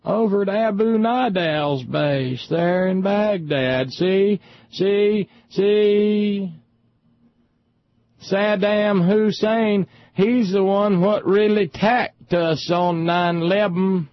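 A man voicing a gullible, shrill hick man who drawls slowly with folksy grammar. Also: no room sound, highs cut off. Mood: mocking. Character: hick male war-hawk believer, shrill, gullible.

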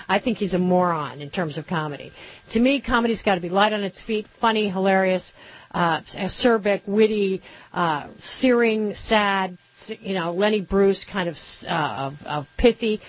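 Woman, talk radio host, sarcastic, mocking, medium pitch, dull lo-fi radio sound. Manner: sarcastic, rapid-fire, mocking asides. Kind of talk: political talk radio monologue.

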